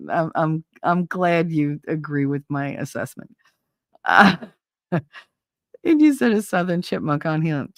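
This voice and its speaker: A middle-aged woman talks straight to her live-stream viewers in a slightly low voice, recorded close and dry with no room around it. She is blunt, profane and sarcastic, answering comments as they come in and laughing often. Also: animated, takes it slowly, pauses often, no room sound.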